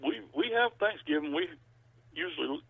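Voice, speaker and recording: A man's voice: high voice, lively intonation, normal speed, vocal fry, husky, no echo. Man, middle-aged, folksy rambling storyteller, thin telephone sound. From Georgia, US. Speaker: musician guest. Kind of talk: casual phone interview. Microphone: landline telephone. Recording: dry, tinny phone line.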